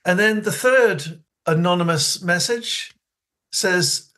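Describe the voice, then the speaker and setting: A man with a New Zealand accent hosting a radio show, talking gently and earnestly, slowing down when he reflects. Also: a little high.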